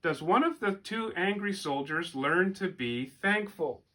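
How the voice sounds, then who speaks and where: A man telling a folk tale for children and then asking his listeners gentle questions, with animated, expressive delivery. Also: sits high, measured pace. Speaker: storyteller. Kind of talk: storytelling for children.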